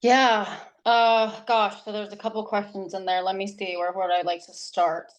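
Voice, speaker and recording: A woman from New Hampshire, a parenting coach, talking in an interview in an animated, rambling way with many restarts. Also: medium pitch, normal speed, highs cut off. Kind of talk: casual interview talk.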